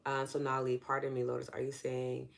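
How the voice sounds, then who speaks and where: A woman with a New York accent leads a live online session, her voice sitting notably low. She explains in an earnest, conversational way and responds to her viewers' comments as she goes. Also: completely flat delivery, brisk, vocal fry. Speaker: EFT session host.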